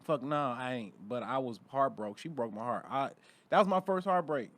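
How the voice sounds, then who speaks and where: A young man, a podcast guest, telling a story in casual chat, animated and laughing as he acts out the scenes. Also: medium pitch, moderate pace, no room sound.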